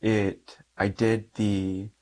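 A young adult Catholic priest gives a personal testimony in conversation, speaking very slowly in a fairly low, mellow voice with a level tone. He acts out the dialogue in his story and laughs lightly and often.

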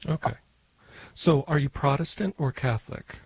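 A man on a call-in radio show who answers callers with measured, gently reassuring explanations. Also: fairly high pitch, breathy edge.

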